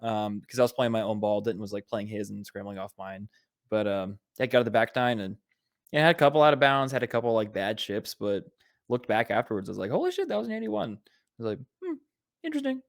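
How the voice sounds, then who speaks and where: A man's voice: lowish voice, fast talker. A man co-hosting a podcast in casual chat, laid-back and laughing often as he listens and shares his own stories. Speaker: podcast co-host.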